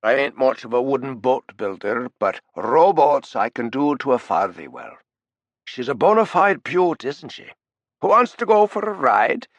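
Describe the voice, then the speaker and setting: A man's voice: mid-range voice, very animated, measured pace, dry recording. A man voicing a cheerful old boat builder with a hearty, exclaiming manner.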